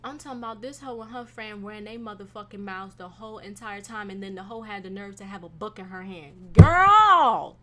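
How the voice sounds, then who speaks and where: A young woman hosting a casual solo podcast, venting in a profane, animated way with sudden loud bursts. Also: mid-range voice, fast talker, hardly any pauses. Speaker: podcast host.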